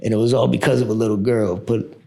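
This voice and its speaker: A man's voice: on the low side, quick pace, creaky, a little hiss or hum. A man in his thirties, a barber guest on a podcast, telling a story in casual chat and acting out the people he quotes. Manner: animated storyteller who acts out the people he quotes.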